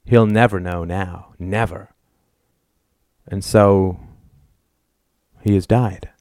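A man's voice: low-pitched, steady tone, takes it slowly, darkish tone, no room sound, studio quality. A man voicing an earnest, serious young scholar in an audiobook. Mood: grave. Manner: earnest, grave.

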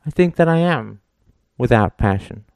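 A man's voice: medium pitch, lively intonation, moderate pace, vocal fry, a little mellow, clear, resonant tone, no room sound, clean studio sound, pitched above the performer's own voice. A man voicing an anxious, self-doubting male professor in an audiobook, hesitant and fretful. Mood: doubtful. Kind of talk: audiobook character reading.

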